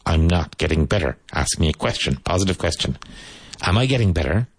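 A low-voiced man with a Cork Irish accent leads an English lesson for Spanish speakers. He repeats each model phrase slowly and deliberately. The recording is dry and close. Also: lively intonation, husky, no echo. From Ireland (Cork). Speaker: English teacher.

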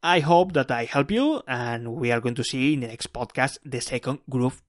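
A man's voice: medium pitch, animated, moderate pace, no echo, clean studio sound. A man teaching a beginner Spanish lesson on a podcast, explaining patiently and repeating words as drills.

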